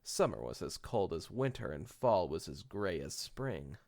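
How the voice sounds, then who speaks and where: Man, podcast host, reading fan fiction aloud, joking asides, stumbles over words, low voice, lively pitch. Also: unhurried, vocal fry. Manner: joking, stumbles and corrects himself while reading.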